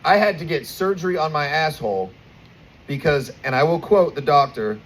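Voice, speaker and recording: A man in his twenties with an American accent, doing a crude stand-up set with animated, acted-out stories, performing outdoors at a bar. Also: a little high, moderate pace, slight background noise, rough recording. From United States. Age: 20s. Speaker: stand-up comedian.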